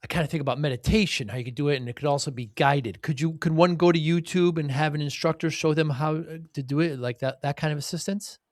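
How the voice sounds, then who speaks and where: A man hosting a podcast, asking calm questions and murmuring brief acknowledgements while his guest speaks. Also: fairly high pitch, quick pace, few pauses, no echo, studio quality. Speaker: podcast host. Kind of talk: interview questions.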